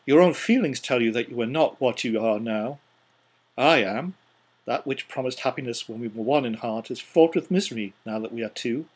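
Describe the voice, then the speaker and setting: A man reading as a calm, sorrowful young woman. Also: mid-range voice, breathy edge, close to an everyday voice. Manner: quiet, measured, sorrowful. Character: young woman, calm and steady, gently releasing a former love. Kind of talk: audiobook character reading.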